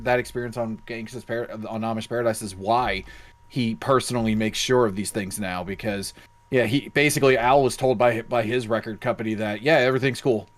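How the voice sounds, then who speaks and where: A man co-hosting a casual online panel chat, rambling with frequent restarts and fillers. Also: medium pitch. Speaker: podcast co-host.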